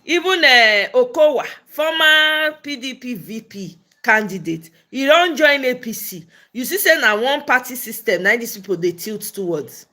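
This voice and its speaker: A Nigerian woman with a Pidgin-flecked accent runs a casual political livestream. She talks blunt and scolding, with a bright, forceful edge to her voice, and she sits a touch high in pitch. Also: expressive, moderate pace, hardly any pauses. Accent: Nigerian, mixing Pidgin. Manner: blunt and scolding, switching between English and Pidgin. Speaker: political commentary livestream host. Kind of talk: casual live-stream commentary, reading and answering viewer comments.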